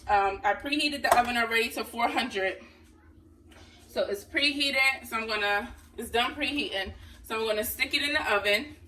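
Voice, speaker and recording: A woman with a sharp, rather high voice talks at a moderate pace as she cooks dinner for a casual vlog, calling her viewers honey. She's recorded from a distance in her home kitchen, slightly off-mic with faint room noise.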